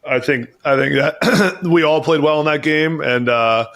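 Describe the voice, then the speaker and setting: A man's voice: a little high, a little slow, fairly bright tone. A man in his thirties, a podcast guest, telling stories casually and restarting his sentences often. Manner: rambling storyteller, restarts and repeats phrases. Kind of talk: casual chat.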